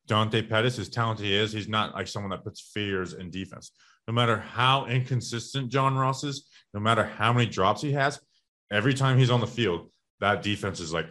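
Low-voiced man rambling through sports stats. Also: brisk, a bit bright, no room sound, studio quality. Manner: rambling, restarts a lot, leans on stats. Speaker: sports podcast co-host. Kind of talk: casual sports talk.

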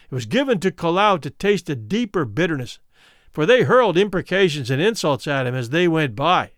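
A man narrating a classic adventure story in a dramatic, expressive reading. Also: fairly high pitch, a little fast, dry recording, clean studio sound. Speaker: audiobook narrator.

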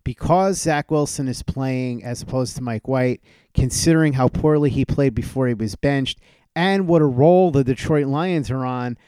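A man's voice: a little high, darkish tone, clean tone, dry recording, clean studio sound. A man hosting a sports talk show, giving a methodical rundown of team news and asking his guest questions. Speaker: sports podcast host.

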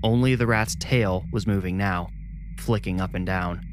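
Low-voiced man narrating horror. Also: fairly even intonation, moderate pace, noisy background. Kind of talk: scripted horror story narration.

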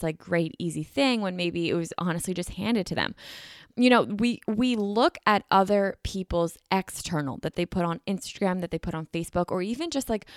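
A woman's voice: lowish voice, dry recording. Chatty young woman, dry close sound. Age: 20s. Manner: chatty, candid, lots of "like" and "you know". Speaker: YouTuber and business owner. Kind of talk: casual talking-to-camera advice. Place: home room.

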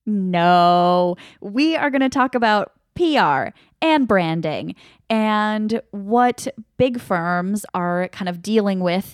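A woman's voice: medium pitch, clean tone, no room sound, studio quality. Chatty woman podcast co-host. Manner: chatty, playful and laughing. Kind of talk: casual chat.

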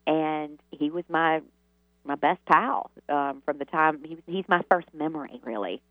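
A woman's voice: deep voice, unhurried, no echo. A woman from the Southern United States, a guest telling long, rambling stories with many fillers and restarts. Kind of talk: storytelling interview answers. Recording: tinny phone line.

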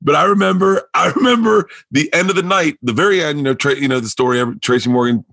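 Husky man, comedian, animated storytelling, acts out voices, dry close mic. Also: on the high side, fast talker, no echo. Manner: animated, acts out quotes, swears casually. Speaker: comedian guest. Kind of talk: casual storytelling.

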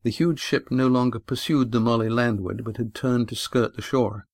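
A man narrating a sailing adventure audiobook in an even, steady reading. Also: medium pitch, normal speed, no room sound, clean studio sound.

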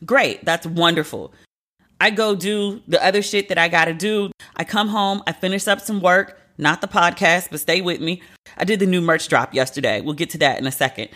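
A woman's voice: fairly low pitch, moderate pace, a bit bright. A woman in her late thirties hosting a podcast alone, telling a story in a candid, profane, exasperated way. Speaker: podcast host. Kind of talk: casual solo podcast monologue.

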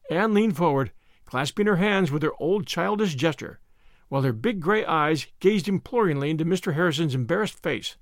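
A man narrating a classic novel aloud with expressive, animated storytelling. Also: a little high, a little fast, no echo, studio quality. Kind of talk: audiobook reading of a classic novel.

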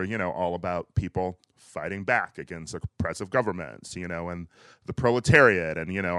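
Chatty man with a low voice. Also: clear, resonant tone, no echo. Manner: chatty, laughs often, lively asides. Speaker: podcast host. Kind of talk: casual chat.

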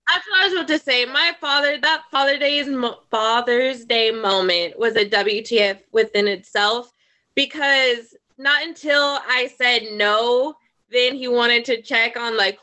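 A woman's voice: a little high, unhurried, sharp tone. A woman co-hosting a podcast, chatting casually and reading the show's sign-off. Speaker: podcast co-host.

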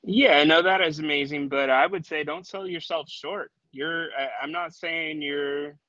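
Man, fairly high voice, encouraging, ribbing, casual radio talk, dull lo-fi audio. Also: steady tone, measured pace, bright, forceful tone.

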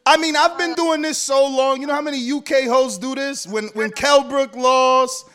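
A man's voice: very high voice, fairly even intonation, moderate pace, fairly bright tone. A man hosting a boxing talk show, teasing and brushing off a guest while talking over the others. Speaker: podcast host. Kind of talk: heated panel debate.

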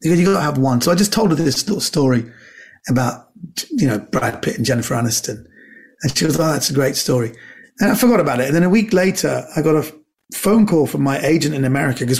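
A man from Britain, a comedian guest telling lively anecdotes in casual chat, acting out quotes and stumbling over restarts. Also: a little high, quick pace. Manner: animated anecdotes with acted-out quotes and stammered restarts.

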